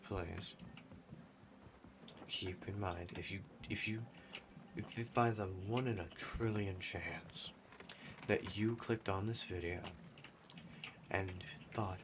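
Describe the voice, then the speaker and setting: A man chatting casually over his gameplay as a gaming YouTuber, rambling and self-deprecating. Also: low-pitched. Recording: clear keyboard typing noise behind. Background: computer keyboard typing.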